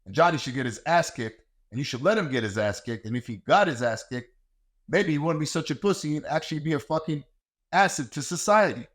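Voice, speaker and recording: A man's voice: fairly high pitch, lively intonation, a little fast, fairly bright tone. Blunt, profane man ranting. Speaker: podcast host and martial arts coach. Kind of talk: ranting monologue.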